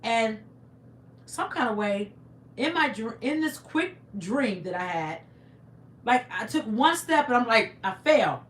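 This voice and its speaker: A woman's voice: on the high side, animated, a little slow, reverberant, a little hiss or hum. A woman hosting a live stream, telling a story dramatically, acting out screams and sounds, and reading viewer comments aloud. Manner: acts out screams and sound effects. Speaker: livestream host. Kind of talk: casual storytelling to a live chat.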